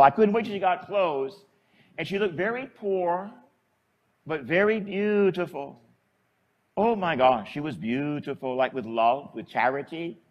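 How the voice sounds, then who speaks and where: A man, a Catholic priest, delivering a homily as an animated storyteller who chuckles as he goes. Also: high-pitched.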